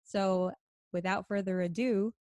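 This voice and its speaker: A woman's voice: medium pitch, steady tone, measured pace, darkish tone. A woman hosting her own podcast in a casual, bubbly chat, swearing freely and laughing often. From Middle Eastern. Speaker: podcast host. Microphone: home podcast microphone.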